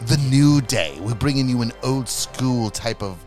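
A man's voice: mid-range voice, measured pace, faint music behind. A man co-hosting a podcast in casual chat, talking loosely and swearing now and then. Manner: loose, swearing, lively delivery. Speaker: podcast co-host.

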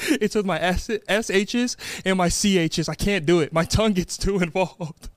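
A young man with a high voice chats playfully on a podcast, confessing things in a mock-serious way. The sound is close and dry. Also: moderate pace, no echo. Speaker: podcast co-host. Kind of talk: casual chat.

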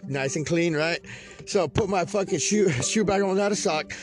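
A man from California's Central Valley with a high voice tells a rambling story packed with swearing. He laughs at his own tale as he goes. Faint music plays under him. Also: moderate pace. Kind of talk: casual profane storytelling monologue.

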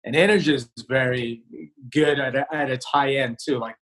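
A male comedian talking casually in an interview over a video call, relaxed and rambling with many fillers and restarts. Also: mid-range voice, normal speed, over music, poor audio. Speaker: comedian guest. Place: home, remote video call.

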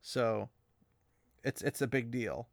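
A man's voice: mid-range voice, takes it slowly, vocal fry, no room sound, clean studio sound. Chatty young man on a podcast. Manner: chatty, laughs often, many fillers. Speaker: podcast co-host. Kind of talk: casual chat and reading a novel aloud.

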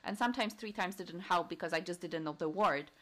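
A woman's voice: on the low side, a little fast. Woman chatting casually about studies. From Poland. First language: Polish. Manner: chatty, self-correcting, relaxed storytelling. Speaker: guest. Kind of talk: casual chat.

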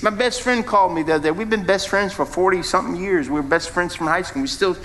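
Animated preacher man, bright voice. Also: fast talker. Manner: animated preaching with sudden rises in pitch and volume, asks the congregation questions. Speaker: founding pastor. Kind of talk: sermon.

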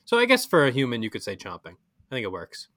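A man's voice: mid-range voice, huge pitch swings, quick pace, pushed and bright, no echo, studio quality. A man with an American accent co-hosting a podcast, chatting casually and easily, now and then reading definitions aloud. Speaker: podcast co-host. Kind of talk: casual chat.

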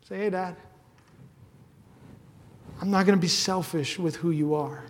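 Impassioned male preacher, slightly high voice, big church reverb. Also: steady tone, unhurried, pauses often. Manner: impassioned, swings from shouting to hushed. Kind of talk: sermon. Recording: long hall reverb.

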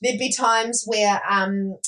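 A woman co-hosting a podcast, chatting casually and reacting with quick agreement. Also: medium pitch, steady tone, fairly bright tone, rough recording. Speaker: podcast co-host. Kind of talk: casual chat.

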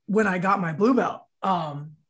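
Excited man telling a story. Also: sits high, a little slow. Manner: animated, excited storyteller, says dude. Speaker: podcast co-host. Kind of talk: casual storytelling.

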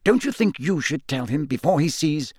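A man's voice: fairly high pitch, lively intonation, moderate pace, darkish tone, no room sound, studio quality, voice pushed up. A man voicing a flustered middle-aged male government minister in a storybook reading, agitated and insistent.

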